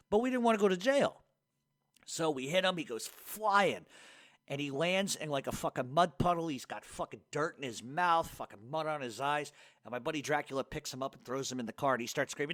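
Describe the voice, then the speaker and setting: A middle-aged man spins stories and answers questions in loose, cussing talk, laughing as he goes. His pitch leaps up and down as he tells it. The sound is close and dry, with no room around him. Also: a little fast, dry recording. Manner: profane, laughs often, animated storyteller. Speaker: podcast host. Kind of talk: casual storytelling and Q&A.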